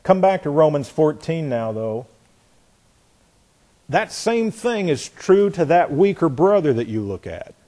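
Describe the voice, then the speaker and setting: Male preacher, slightly high voice, emphatic Bible teaching, repeats phrases for weight. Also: sing-song, a little slow, mellow. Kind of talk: expository sermon.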